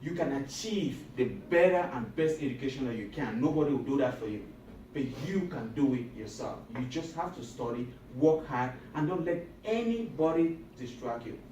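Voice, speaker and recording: A man speaking to high school students in a motivational talk. He is emphatic and repetitive and often asks the audience questions. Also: expressive, moderate pace, mellow, slight background noise. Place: school auditorium or hall. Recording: echoey room recorded from a distance.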